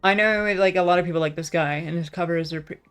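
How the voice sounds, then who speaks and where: A woman's voice: on the low side, fast talker, a bit bright, smooth, soft background music. A young woman chatting casually on her vlog, rambling, self-deprecating and swearing freely with lots of fillers. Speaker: vlogger.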